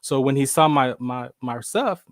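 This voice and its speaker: A man telling stories in a casual interview, lively and acting out the voices of the people he quotes. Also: medium pitch, moderate pace, no room sound, studio quality. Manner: animated, acts out quoted voices. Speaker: show host, veteran.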